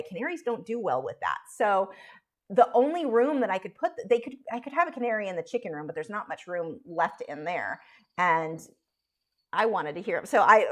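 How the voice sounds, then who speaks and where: A woman artist chatting casually on a live stream while she draws, rambling and self-deprecating. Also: on the low side.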